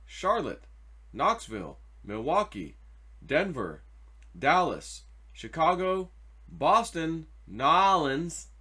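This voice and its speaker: A man hosting his own commentary video, excitable and mocking, swinging from loud repeated outbursts to a low mutter. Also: measured pace, pauses often. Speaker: host.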